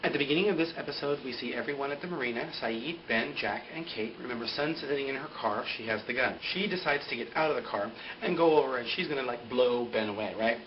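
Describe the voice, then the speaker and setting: A young man recapping a TV episode in a rambling, animated way, full of "like" fillers. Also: mid-range voice, fast talker, few pauses, noisy background. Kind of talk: casual spoken recap. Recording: dull lo-fi home recording.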